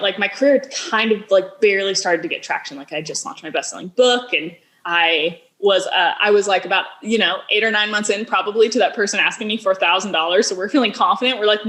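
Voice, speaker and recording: A woman in her thirties speaks as a podcast guest, telling a candid personal story. Her pitch sits in the middle for a woman. She talks in a chatty way, scatters "like" through her sentences and acts out quoted dialogue. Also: fairly bright tone. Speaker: podcast guest, business founder.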